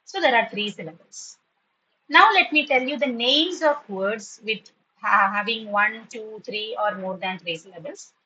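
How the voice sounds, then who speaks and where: A woman teaching an online English class, patiently spelling words and repeating them slowly. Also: mid-range voice, sharp tone, poor audio.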